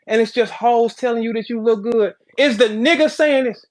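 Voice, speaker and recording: A man ranting crudely and loudly in a casual talk, profane and joking. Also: very high voice, steady tone, moderate pace, hardly any pauses. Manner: loud, profane, jokey. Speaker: battle rapper on a live audio chat.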